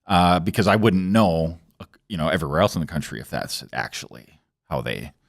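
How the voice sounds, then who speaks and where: A very low-voiced man with a Wisconsin accent co-hosts a loose political talk show. His pitch swings widely as he rambles and restarts his thoughts, and the sound is close and dry. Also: animated, vocal fry, no room sound. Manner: rambling, restarts often, quick to laugh. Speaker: co-host. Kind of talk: casual political chat.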